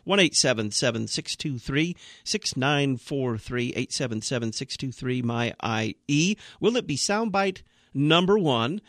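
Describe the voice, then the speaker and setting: A man hosting a live radio talk show, briskly reading out phone numbers, contest prizes and contact details. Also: mid-range voice, lively intonation, a bit bright, dry recording, studio quality. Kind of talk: radio host announcements. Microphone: studio mic.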